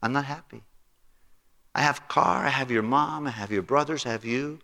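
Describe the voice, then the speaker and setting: A man's voice: medium pitch, moderate pace, gravelly, sharp tone, in a large hall, voice pushed up. A man preaching, putting on the voice of a troubled middle-aged restaurant owner who pleads and repeats his lament. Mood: despairing.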